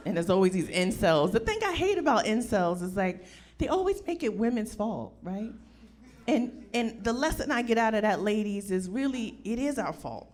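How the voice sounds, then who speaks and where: A woman's voice: medium pitch, big pitch swings, normal speed. A woman performing a stand-up set, brash, profane and punchy. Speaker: stand-up comedian. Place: live comedy show with audience. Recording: loud audience laughter and noise.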